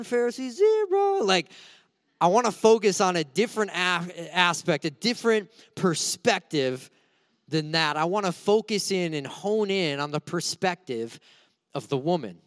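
A man's voice: sits high, a bit bright, clean studio sound. A young man preaching a sermon in a church, telling a personal story in a casual, self-deprecating way. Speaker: pastor. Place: church auditorium. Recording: long hall reverb.

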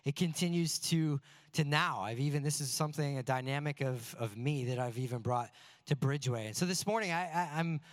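A man on a church staff telling a humorous story in a sermon, animated and poking fun at himself. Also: medium pitch, fairly quick, no room sound. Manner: animated, self-deprecating anecdotes. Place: church sanctuary before a congregation.

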